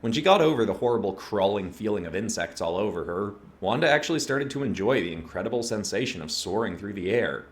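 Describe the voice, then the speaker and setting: A man reads a horror story aloud with a steady, measured narrator's delivery. His voice sits very low, deep and grounded. He keeps an even storytelling pace.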